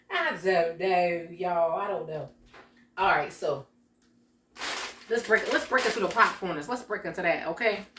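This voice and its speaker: A woman's voice: lowish voice, expressive, a little slow, long pauses, fairly bright tone, echoey room, a little hiss or hum. A woman hosting a casual kitchen vlog, chatting straight to her viewers in a folksy way. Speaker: vlog host. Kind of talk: casual chat to camera. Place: home kitchen.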